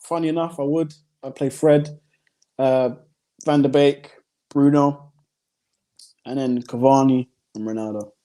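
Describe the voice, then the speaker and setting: A man's voice: medium pitch, steady tone, measured pace, pauses often, warm tone. A man co-hosting a casual football chat, hesitant with many ums. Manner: hesitant, lots of ums, laughs easily. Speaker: co-host.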